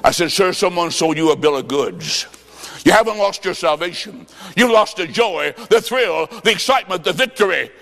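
A man preaching a sermon, telling stories and acting out both sides of a conversation, jokey and emphatic, swinging between loud and soft. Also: sits high, lively intonation, moderate pace, gravelly, in a large hall.

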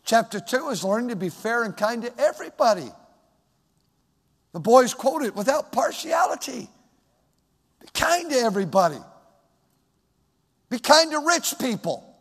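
High-voiced preaching man in a reverberant hall. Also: big pitch swings, measured pace, long pauses, slightly rough. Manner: preaching with strong swings from loud exhortation to soft, quiet talk. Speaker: pastor. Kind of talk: sermon.

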